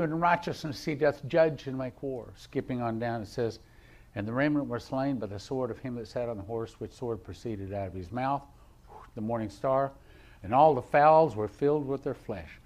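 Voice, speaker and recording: A male pastor preaching a sermon, reading scripture aloud and moving between emphatic declarations and quiet asides. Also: medium pitch, normal speed. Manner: reads King James verses aloud.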